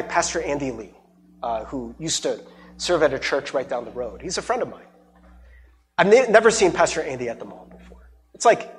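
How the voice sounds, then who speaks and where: Male pastor, young adult, husky and fairly high, halting conversational sermon delivery. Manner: conversational, halting with many fillers and repeated words. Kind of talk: personal testimony sermon.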